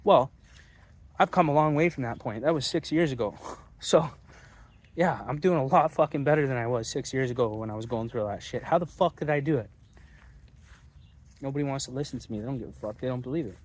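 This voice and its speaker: A man holds forth to his viewers in a loose, unscripted monologue. He is blunt and combative, and he swears often. His voice sits at an ordinary pitch for a man. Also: a little fast, pauses often. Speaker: channel host.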